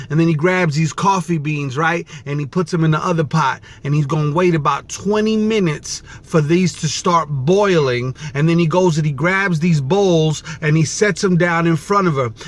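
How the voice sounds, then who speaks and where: Man with a high voice, casual vlog storyteller, animated and chatty. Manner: casual, animated, repeats "right?".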